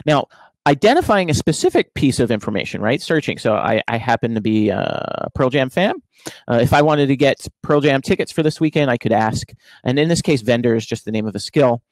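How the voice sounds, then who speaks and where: A man's voice: medium pitch, huge pitch swings, fairly quick, no echo, poor audio. A man giving a casual, explanatory tech talk from his home office, with frequent fillers and restarts. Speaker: conference speaker.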